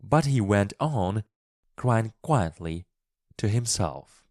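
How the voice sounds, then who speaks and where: Low, slow, expressive male storyteller. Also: dry recording, clean studio sound. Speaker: storyteller and English teacher. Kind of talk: storybook reading for English learners.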